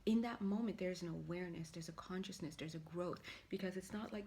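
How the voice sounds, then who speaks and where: A woman's voice: lowish voice, a little fast, hardly any pauses, dark tone, slight background noise. A woman giving a casual spiritual tarot reading, rambling and chatty, with playful asides and acted-out quotes. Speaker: tarot reader.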